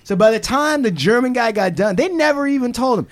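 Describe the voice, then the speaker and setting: A man co-hosting a podcast, casually retelling a true-crime story, animated and swearing freely as he acts out quotes. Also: very high-pitched, a little fast. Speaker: podcast co-host.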